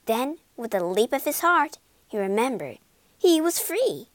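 A woman reading a children's storybook aloud in an expressive, deliberate way. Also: sits high, no echo. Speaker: narrator. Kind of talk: storybook read-aloud narration.

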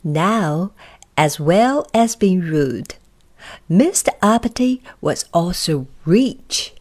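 Slow, expressive woman reading a storybook. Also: fairly low pitch. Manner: expressive, dramatic pauses, breathy asides. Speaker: narrator.

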